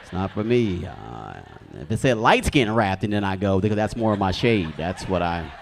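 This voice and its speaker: A young man from the United States performing a stand-up comedy set in a club, telling stories loudly and shouting his acted quotes. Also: low voice, normal speed, creaky, slight background noise. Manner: animated, loud storytelling with shouted acted quotes. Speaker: stand-up comic. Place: comedy club stage with a live audience.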